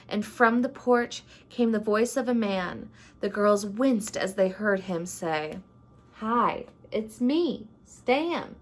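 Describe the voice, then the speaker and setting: A woman vlogger reading a rhyming picture book aloud at home at night, in an unhurried storytelling way, then chatting casually. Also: medium pitch. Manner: unhurried storytelling, laughs between lines.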